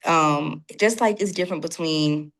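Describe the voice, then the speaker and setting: A woman appears as a guest in a casual conversation about faith, speaking animatedly and acting out her own inner dialogue. Her voice sits low with a fairly bright tone, at a normal speed.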